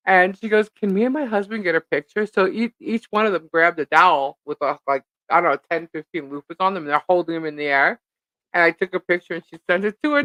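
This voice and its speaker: A woman co-hosting a live stream who rambles through her stories, full of fillers and quick laughs. Her voice sits at a middle pitch and comes across close and dry, with little room sound. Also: bright, forceful tone, no echo. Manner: rambling storyteller, laughs often, many fillers. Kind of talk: casual live-stream chat.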